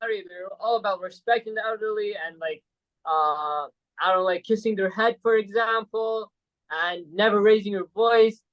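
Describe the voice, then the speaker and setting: The recording loses its highs, and the man speaks at a moderate pace with a high-pitched voice. He's from Saudi Arabia, a podcast guest casually rambling through a story, peppering it with "like" and "right?".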